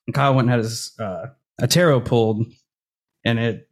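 A man's voice: mid-range voice, moderate pace. A man in his thirties chatting on a podcast, telling a story about himself in a wry, self-mocking way. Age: 30s. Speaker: podcast guest. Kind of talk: casual podcast chat.

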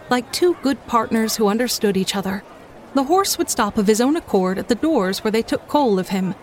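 A woman narrating a classic storybook in an even, measured reading voice. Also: a little high, slight background noise. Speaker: audiobook reader.

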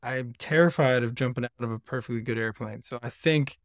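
A man's voice: mid-range voice, fairly quick, dry recording. A man hosting a casual podcast interview over a call, joking easily with his guest. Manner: jokey, easygoing. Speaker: podcast host. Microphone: remote call.

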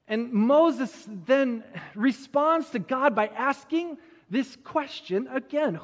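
A male preacher tells a story in a sermon and drops in personal asides. His voice sits very high, and a long reverb from the hall hangs behind each phrase. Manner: animated, retelling the story with asides.

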